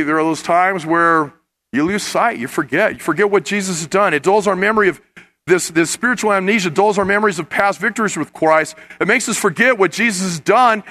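A man's voice: high-pitched, pushed and bright. A man preaching a sermon, earnest and rising to impassioned emphasis as he addresses his listeners. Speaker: pastor.

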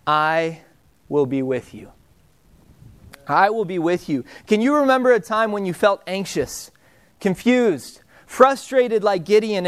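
A young man preaching with a high, clear, smooth voice. He talks to his listeners in a relaxed, conversational way, then goes quiet and slow to land the key lines. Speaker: pastor. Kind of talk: sermon.

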